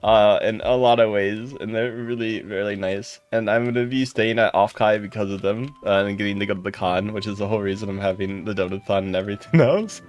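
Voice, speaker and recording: A livestreamer in casual chat with viewers, warm and thankful, greeting people by name and breaking into giggles. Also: low-pitched, level tone, brisk, few pauses, soft background music.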